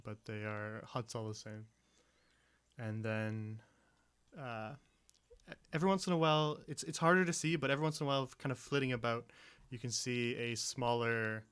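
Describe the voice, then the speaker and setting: A man narrating a scene as game master, pausing often with fillers as he describes it. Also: mid-range voice, a bit bright, smooth. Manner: hesitant, with many fillers.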